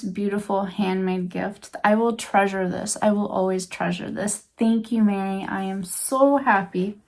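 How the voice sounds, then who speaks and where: A woman vlogging to camera as she unboxes a handmade gift, gushing and emotional, repeating her praise over and over. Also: medium pitch. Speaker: crochet vlogger. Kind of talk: unboxing vlog, casual chat to camera.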